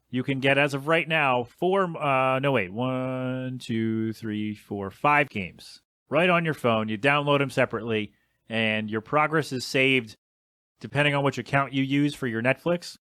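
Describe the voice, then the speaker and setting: Bright-voiced man ranting on a podcast. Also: medium pitch, no room sound, studio quality. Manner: rambling, exasperated complaining with mild swearing. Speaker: podcast host. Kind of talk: casual solo podcast rant.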